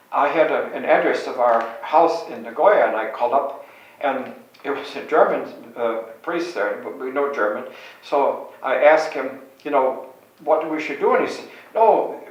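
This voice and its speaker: An older priest from Chicago tells his memories as meandering anecdotes, stopping often to correct himself. His voice sits at a middle pitch for a man. He sounds far from the microphone in a strongly echoing room. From Chicago, USA. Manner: meandering, self-correcting storyteller. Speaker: Catholic priest. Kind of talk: reminiscing anecdotes. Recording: very echoey room, distant mic.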